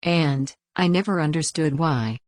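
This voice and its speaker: Female story reader, very low voice, dry close sound, plain even first-person narration. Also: measured pace, no room sound.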